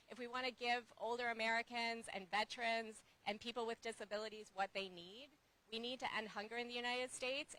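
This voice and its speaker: A woman's voice: mid-range voice, pushed and bright, poor audio. A woman advocating against hunger, speaking earnestly and urgently at an outdoor rally. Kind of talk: prepared rally remarks.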